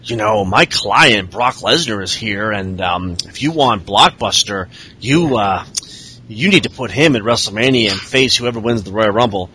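A man doing a low, slow, smug wrestling manager. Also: expressive, sharp tone, husky, exaggerated voice. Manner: slow, low, exaggerated mock impression.

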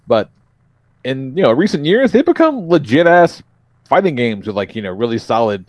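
A man's voice: mid-range voice, sing-song, normal speed, no room sound. A man hosting a podcast in casual chat, loose and profane, laughing often. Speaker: podcast host.

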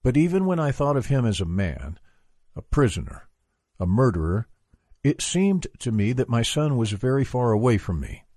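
A man reading a memoir aloud for a book club, at a measured, even pace. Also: mid-range voice, dry recording, studio quality.

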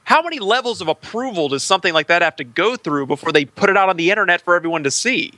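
A man rants crudely on a casual podcast, his bright, fairly high voice cutting through. The sound is dry and close, with no room around it. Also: lively intonation, fast talker, no room sound. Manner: ranting, crude and profane. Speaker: podcast co-host.

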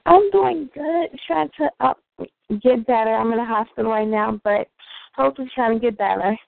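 A woman calling in to share a poem, soft-spoken and slow. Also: a little high, creaky, dry recording. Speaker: caller and poet. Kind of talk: casual phone call. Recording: dry phone-line audio.

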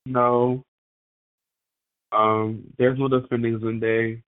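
A man's voice: medium pitch, little pitch movement, clean tone. Hesitant man on a phone line. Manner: measured, hesitant with ums. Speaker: caller. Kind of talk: casual chat.

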